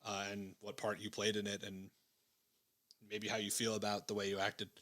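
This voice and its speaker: A man narrating a tabletop war role-play as game master, describing scenes in a measured way with frequent fillers. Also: on the low side, completely flat delivery, a bit bright.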